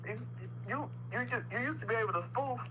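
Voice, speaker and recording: A woman's voice: fairly high pitch, quick pace. Woman on a dull, noisy lo-fi line. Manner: emphatic storytelling, firm and insistent. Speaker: livestream co-host. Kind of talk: casual chat. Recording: dull lo-fi sound with clear noise.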